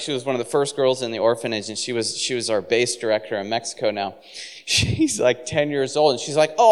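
A man at mid pitch preaches, telling a lively story and breaking into laughter as he acts out the people in it. His voice rings out with a long hall reverb, as if from a church stage. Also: clear, resonant tone. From San Francisco. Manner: animated, laughing storyteller acting out quotes. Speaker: pastor. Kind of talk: sermon storytelling.

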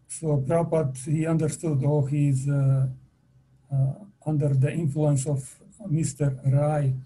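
Slow, husky man telling a devotional story. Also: a little high, poor audio. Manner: halting, many pauses and fillers, laughs softly.

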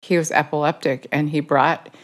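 A woman with a notably low voice gives an informal sermon. She talks in a conversational way, stopping to correct herself mid-verse. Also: flat delivery, moderate pace. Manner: conversational, self-correcting while quoting scripture. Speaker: Bible teacher.

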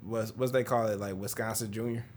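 A man's voice: lowish voice, steady tone, a little fast, darkish tone. A young man from Detroit in casual chat, telling rambling stories in a slangy way. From Detroit, Michigan.

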